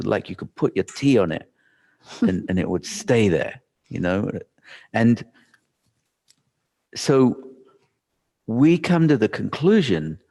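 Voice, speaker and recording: A man's voice: lowish voice, gravelly, darkish tone. A man giving a live talk, telling a story animatedly and acting out his own thoughts, with frequent restarts. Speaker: workshop speaker.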